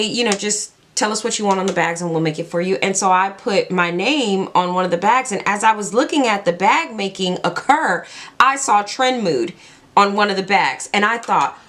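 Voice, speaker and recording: A woman beauty vlogger chatting casually while doing her makeup, telling stories in an excitable, chatty way with lots of "like". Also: medium pitch. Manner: excitable, chatty storytelling full of "like".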